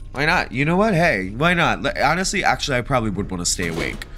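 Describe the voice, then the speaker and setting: A man giving jokey, animated let's play commentary, reacting aloud and talking back to game characters. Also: fairly low pitch. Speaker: gaming video creator.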